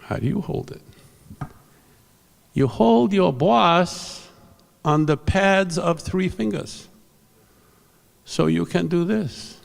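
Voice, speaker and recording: Blunt, stern old ink teacher in a clipped, mock foreign accent, as a man imitates him. The voice is gravelly, with a long hall echo behind it. It is pitched higher than the speaker's normal voice. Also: slow pace, long pauses, exaggerated voice. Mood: demonstrating.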